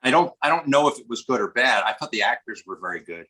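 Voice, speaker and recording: A man's voice: mid-range voice, expressive, fast talker, sharp tone, rough recording. A man from the US, an actor guest on a podcast, talking in a digressive way with many restarts. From Westchester, New York, US. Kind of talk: casual podcast conversation.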